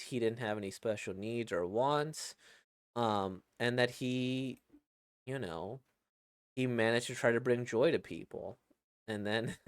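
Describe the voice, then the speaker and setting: A man's voice: medium pitch, dry recording, clean studio sound. A man casually reacting to a webcomic he reads, rambling and reflective, with many fillers and restarts.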